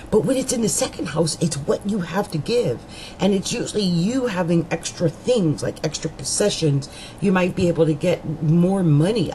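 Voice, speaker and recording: Mellow-voiced woman giving a chatty horoscope. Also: fairly low pitch, a little hiss or hum, low-quality recording. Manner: chatty, meandering, with frequent fillers and restarts. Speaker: astrologer. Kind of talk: monthly horoscope reading.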